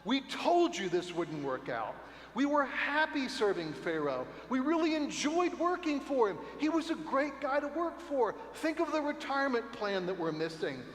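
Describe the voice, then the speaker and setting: A man's voice: very high voice, sing-song, normal speed, slight background noise, voice pushed up. A man voicing a crowd of ancient Israelites, whining and accusing in a raised voice. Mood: whining, blaming. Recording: echoey hall with long reverb.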